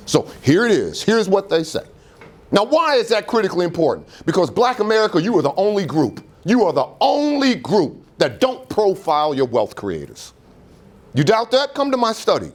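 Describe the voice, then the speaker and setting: A man giving a motivational speech to an audience, full of rhetorical questions. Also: fairly high pitch. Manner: animated preacher-like delivery with rhetorical questions. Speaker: motivational speaker. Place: auditorium.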